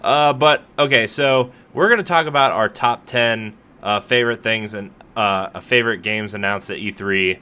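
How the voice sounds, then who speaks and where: Male podcast co-host, low-ish, bright forceful tone, loose rambling jokey delivery. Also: normal speed, few pauses, smooth. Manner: rambling, filler-heavy, joking. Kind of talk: casual podcast chat.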